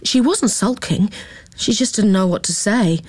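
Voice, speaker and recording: A woman reading a children's story aloud in a calm, expressive way. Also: medium pitch, measured pace, no echo. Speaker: narrator.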